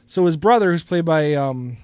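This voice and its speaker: A man's voice: fairly high pitch, animated, moderate pace, darkish tone, smooth, no echo. A middle-aged man co-hosting a casual podcast, rambling and laughing often as he talks. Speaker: podcast co-host.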